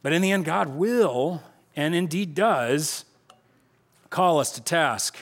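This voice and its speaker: A male pastor preaching an animated, joking sermon and acting out voices. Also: a little high, takes it slowly.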